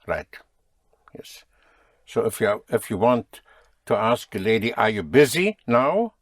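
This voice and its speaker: A man's voice: lowish voice, sing-song, a little slow, no echo, clean studio sound. A man teaching a spoken language lesson, patiently drilling and correcting his students.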